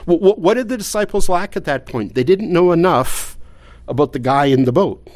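A man delivers a sermon in a slightly raised pitch. He talks plainly and conversationally, stumbling into repeated words and restarts. He keeps asking his listeners rhetorical questions. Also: expressive, normal speed, a little mellow. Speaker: pastor.

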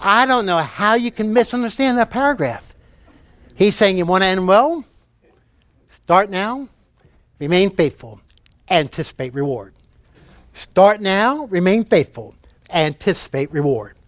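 High-voiced male preacher, dry sound. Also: sing-song, a little slow, pauses often, a bit bright, dry recording. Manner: tells jokes, repeats key phrases for emphasis. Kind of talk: sermon.

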